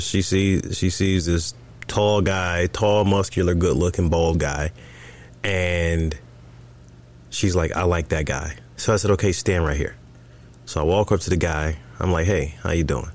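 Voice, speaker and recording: A man's voice: low voice, unhurried. A man co-hosting a podcast, telling a story in casual chat and acting out what was said. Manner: animated storyteller, acts out quoted dialogue. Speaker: podcast co-host.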